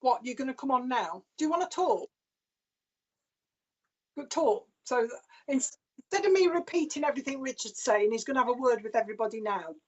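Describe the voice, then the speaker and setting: A woman's voice: high voice, animated, normal speed, pauses often, breathy edge. A woman giving a chatty live-stream psychic reading, passing on messages loosely with lots of fillers. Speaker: psychic medium. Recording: dull lo-fi stream sound.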